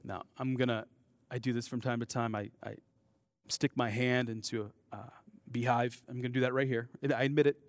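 A man preaching a sermon to his congregation. He swings between soft, intimate asides and loud, emphatic declarations, with casual, self-deprecating remarks. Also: medium pitch, steady tone, fairly quick, no room sound. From American Midwest. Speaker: pastor.

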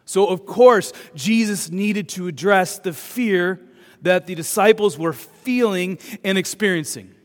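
A man preaching a sermon as pastor, moving between loud urgent emphasis and soft hushed words. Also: high voice, a little slow. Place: church. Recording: long hall reverb.

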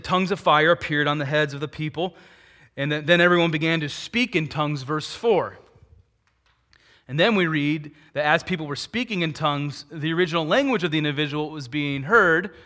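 A middle-aged male pastor delivers a sermon with a bright, forceful edge to his voice. He preaches in an animated way, with questions he answers himself. His voice sits a little higher than most men's and swings from loud, pushing peaks down to low, hushed asides.

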